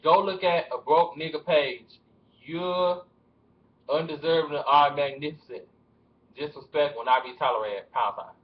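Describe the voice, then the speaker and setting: A man putting on an impression of a swaggering male rapper, drawling profane threats slowly, recorded with dull lo-fi webcam sound. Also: a little high, natural voice. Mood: menacing. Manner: menacing, profane, slow drawl.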